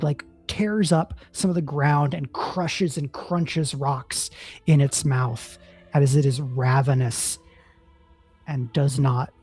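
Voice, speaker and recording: A game master narrating a tabletop role-playing battle in a measured, descriptive way, checking in with the players. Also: mid-range voice, a little mellow, slightly rough. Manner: measured, descriptive, hesitant restarts.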